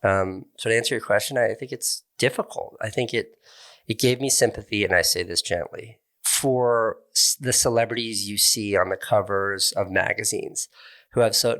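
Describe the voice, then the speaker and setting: Man, middle-aged, interview guest, gravelly fry, lowish voice, reflective and candid. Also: fairly bright tone. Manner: candid, thoughtful, often restarts words mid-thought. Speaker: interview guest, online video creator.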